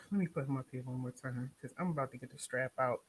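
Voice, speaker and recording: A woman from Baltimore with a Baltimore accent, hosting her own show and recapping a reality series in a casual, animated way, talking back to the people on screen. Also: very deep voice, a little fast, slightly rough, rough recording. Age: young adult or middle-aged, has a son.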